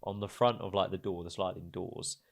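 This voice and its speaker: A man co-hosting a casual chat podcast, telling a story with lots of laughter and sudden quiet mutters. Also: brisk, creaky. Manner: animated storyteller, laughs often, drops to low mutters. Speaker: podcast co-host.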